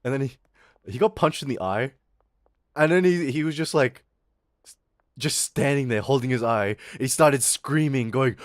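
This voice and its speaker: Young male streamer, mid-pitched, chatty rant full of swearing and quoted voices, dry close sound. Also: moderate pace, long pauses, no echo. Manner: rambling, profane, acts out the people he quotes. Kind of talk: casual storytelling rant.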